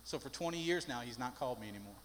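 A man's voice: medium pitch, animated, very fast, slight background noise. An older man, a pastor, preaching a sermon with folksy stories that build into emphatic preaching. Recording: long hall reverb.

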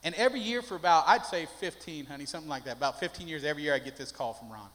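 Older male pastor, high-pitched, folksy and emphatic, recorded in a reverberant sanctuary. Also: rapid-fire, a bit bright. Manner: folksy storytelling, rising to emphatic preaching. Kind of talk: sermon. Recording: long hall reverb.

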